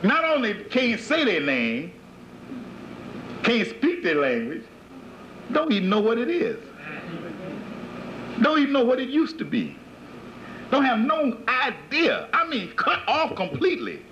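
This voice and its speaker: A bright, forceful man preaches to followers in emphatic, repeated phrases and keeps asking them questions. His high voice swings up and down across a wide range. The sound is a dull, lo-fi 1980s tape with faint hiss underneath. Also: sing-song, measured pace, long pauses. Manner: emphatic, repetitive rhetorical questions. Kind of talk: sermon-like lecture to followers.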